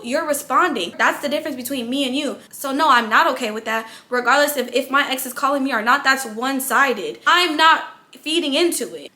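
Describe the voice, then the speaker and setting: A high-pitched woman with a bright, sharp voice tells a storytime tale. She is animated and blunt, and she cusses as she talks. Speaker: vlogger. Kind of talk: storytime narration.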